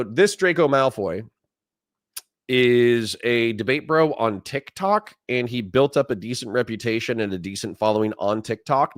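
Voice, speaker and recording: A man's voice: medium pitch, no echo, studio quality. A man hosting a casual live stream, talking bluntly and mockingly with lots of fillers. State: grumpy. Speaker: political commentary streamer.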